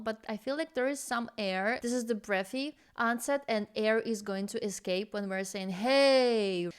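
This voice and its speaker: A young adult woman, a vocal coach, reacting with excitement and explaining singing technique. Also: fairly high pitch, clear, resonant tone. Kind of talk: reaction commentary. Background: faint rock music.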